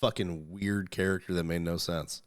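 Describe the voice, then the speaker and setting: A man's voice: low voice, fairly even intonation, moderate pace, clear, resonant tone. A man hosting a podcast in casual chat, rambling, swearing freely and reading articles aloud. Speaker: podcast host.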